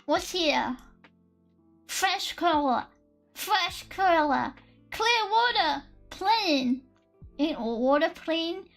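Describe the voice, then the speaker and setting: Very high-voiced giggly woman streamer. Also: drawn-out words, pauses often. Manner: excitable, giggly and profane, thinking aloud. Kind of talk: casual live-stream chat. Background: faint lo-fi music.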